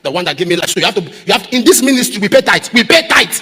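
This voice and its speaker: Male pastor, high animated voice, quick delivery, sermon in echoey hall. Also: slightly rough. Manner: preaching with repeated refrains, rising to shouts. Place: large church auditorium.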